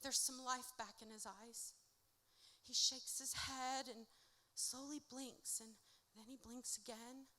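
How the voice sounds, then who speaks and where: Female poet, live stage reading, bright and ringing tone, rhythmic rhyming delivery, long hall reverb. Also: fairly high pitch, fairly even intonation, slow pace. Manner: rhythmic rhyming delivery, swinging between loud and hushed. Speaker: poet performing her own work. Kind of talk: live spoken word performance. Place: theatre stage.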